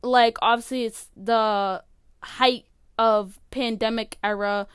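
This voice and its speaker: A teenage girl hosts her own podcast from her bedroom, her voice high, smooth and clear. She rambles with plenty of fillers and lets her feelings show. The sound is dry and close, with no room echo. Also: fairly even intonation, slow pace. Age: late teens. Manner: rambling, filler-heavy, emotional. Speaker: podcast host. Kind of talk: casual solo podcast chat.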